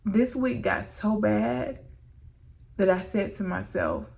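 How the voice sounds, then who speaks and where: A woman's voice: medium pitch, slow pace, vocal fry, a little mellow. A woman minister giving a candid, emotional faith testimony to her viewers and calling them "y'all.". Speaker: licensed minister and vlogger.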